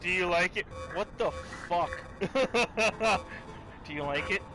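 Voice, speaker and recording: A man voicing a shy, obsessive young woman in a lowered, hushed voice. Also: takes it slowly, soft background music, exaggerated voice. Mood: eager.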